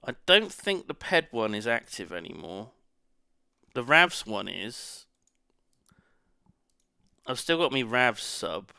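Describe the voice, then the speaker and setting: A man's voice: mid-range voice, very animated, takes it slowly, gravelly, long pauses, bright, forceful tone, clear, resonant tone, no room sound, studio quality. A man chatting casually to his stream audience, rambling as he reacts to chat and swearing now and then. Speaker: live streamer.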